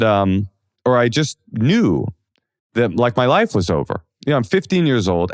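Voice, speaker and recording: A man in his forties from Oakland, a comedian guest telling self-deprecating stories in a casual interview, animated and full of fillers. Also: fairly low pitch, dry recording, clean studio sound. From Oakland, California.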